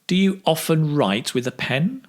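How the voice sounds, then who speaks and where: A man teaching English speaking, modelling phrases slowly with exaggerated intonation for learners to repeat. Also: on the high side, lively intonation. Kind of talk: slow, clear pronunciation drill.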